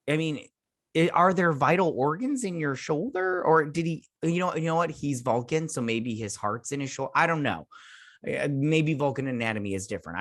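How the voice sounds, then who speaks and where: A man's voice: mid-range voice, fairly bright tone, no room sound, studio quality. A man hosting a casual episode review, rambling with many fillers and restarts. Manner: rambling, filler-heavy, self-interrupting. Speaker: show host.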